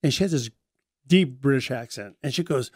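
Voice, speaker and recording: A man, a Native dancer, chatting as a radio guest and telling anecdotes in a lively way. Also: medium pitch, moderate pace, slightly rough, no room sound, studio quality. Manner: chatty, lively storyteller acting out quoted voices. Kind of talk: casual radio interview storytelling. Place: radio studio.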